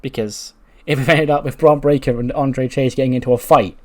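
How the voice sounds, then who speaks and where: A man's voice: medium pitch, fairly even intonation, normal speed. A man narrating his wrestling-sim playthrough in a loose, conversational way. He laughs along at his own storylines. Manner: chatty, laughs often. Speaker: game commentator. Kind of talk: casual let's-play narration.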